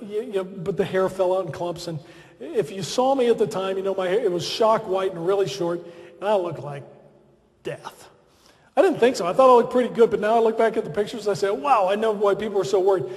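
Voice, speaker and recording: A man giving a humorous, self-deprecating after-dinner speech at a podium in a large banquet hall. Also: high voice. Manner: self-deprecating, lively storytelling.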